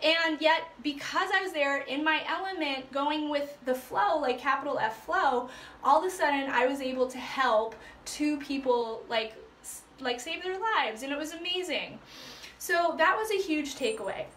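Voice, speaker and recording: A woman life coach telling a personal story to her viewers in a chatty, animated way, full of fillers. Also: high voice, moderate pace, reverberant, a little hiss or hum. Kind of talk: casual storytelling to live viewers.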